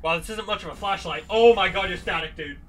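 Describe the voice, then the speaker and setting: Playing a horror game live, a young man on YouTube reacts with jumpy exclamations and frequently talks directly to the monsters. He speaks fast in a high, fairly bright voice.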